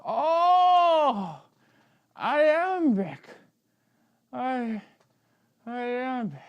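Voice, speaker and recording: A woman's voice: high-pitched, very animated, very slow, heavily acted. A woman voicing a sleepy, rambling old man contestant who mumbles and gets confused. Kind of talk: comic puppet-show acting.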